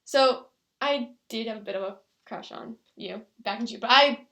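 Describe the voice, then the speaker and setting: A woman's voice: fairly high pitch, normal speed, a bit bright. A teenage woman co-hosting a podcast, chatting casually and telling a story while quoting other people. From Canada. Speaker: podcast co-host. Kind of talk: casual chat.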